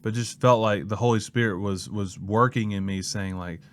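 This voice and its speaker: A young man from Mississippi, working as a student pastor, speaks at normal speed in a fairly low voice during a casual interview. He's a lively storyteller who acts out the people he quotes.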